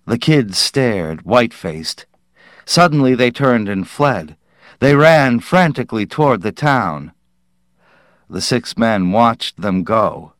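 A man reading a story aloud in a measured, deliberate narration. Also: mid-range voice, sing-song, a bit bright, no echo, studio quality. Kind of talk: scripted audiobook narration.

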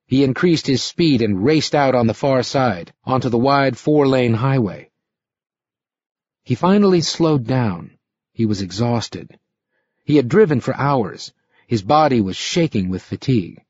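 A man narrating an audiobook in an expressive, dramatic reading style. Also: mid-range voice, unhurried. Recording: slightly muffled recording.

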